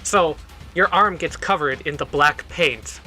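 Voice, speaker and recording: A man running a tabletop role-playing game as game master, narrating scenes and explaining rules in an animated way. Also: fairly high pitch, a little slow, soft background music. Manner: animated, laughs between lines.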